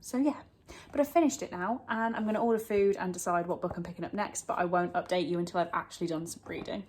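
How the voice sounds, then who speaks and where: A young woman chatting casually in a book vlog, rambling and quick to gush. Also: lowish voice, a little hiss or hum. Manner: gushing, excitable, rambling. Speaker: book vlogger.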